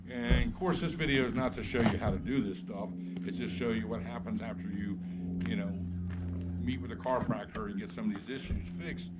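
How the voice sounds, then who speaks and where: A man's voice: on the low side, fairly quick. A man working as a horse chiropractor, explaining his work in a rambling, casual way while soothing the horse between remarks. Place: outdoors with a horse. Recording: noisy outdoor recording.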